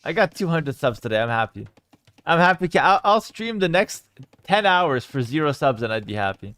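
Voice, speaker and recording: A young man casting a strategy game live and chatting with his viewers, with sudden bursts of excitement. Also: a little high, moderate pace, no echo. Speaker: game streamer and caster. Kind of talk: live game commentary with chat.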